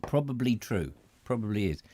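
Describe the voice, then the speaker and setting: A man's voice: lowish voice, big pitch swings, moderate pace, mellow, no echo, studio quality. A man with a southern English accent hosting a casual comedy chat show. He talks in a rambling, jokey, self-mocking way. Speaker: host.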